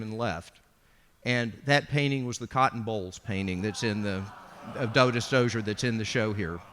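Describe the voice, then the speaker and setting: A man on a panel who tells an anecdote in an animated way and acts out the quotes. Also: medium pitch. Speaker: panelist, art dealer. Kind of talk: storytelling anecdote. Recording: long hall reverb.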